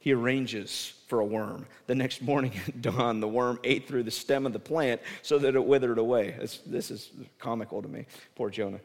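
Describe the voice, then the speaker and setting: A pastor giving a sermon, telling the story with animation and dropping to soft, intense emphasis. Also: male voice, medium pitch, fairly even intonation, normal speed, few pauses. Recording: reverberant hall.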